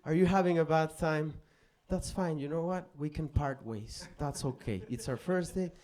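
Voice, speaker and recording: A man from Mexico performing a stand-up comedy set on stage, telling stories animatedly and acting out voices, with swings between loud and soft delivery. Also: fairly high pitch, normal speed. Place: comedy stage before a live audience. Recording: live club crowd audible. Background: audience laughter.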